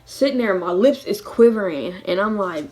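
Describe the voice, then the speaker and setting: Young woman, twenties, casual storytime vlog, animated, laughing, mid pitch, faint background music. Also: normal speed. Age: 20s. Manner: animated, acts out quotes with laughs. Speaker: vlogger.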